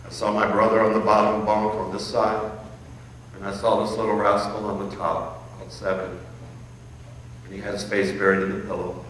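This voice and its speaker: A middle-aged man from Illinois, an inspirational speaker telling a personal story on stage with emphatic, dramatic pauses and repetition. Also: on the low side, fairly bright tone. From Illinois, USA. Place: large hall on stage. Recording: echoey hall, mic far off, faint noise.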